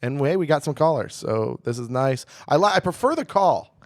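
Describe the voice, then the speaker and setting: A man's voice: fairly high pitch, big pitch swings, normal speed, a little mellow, no room sound, studio quality. A man co-hosting a comedy podcast, chatting casually with crude jokes and rambling asides. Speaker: podcast co-host.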